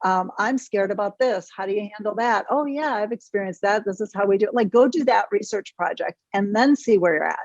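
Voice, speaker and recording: Frank energetic woman therapist, dry muffled audio. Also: medium pitch, fairly quick, few pauses, dry recording. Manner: frank and energetic, mild swearing. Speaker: therapist guest. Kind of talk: podcast interview.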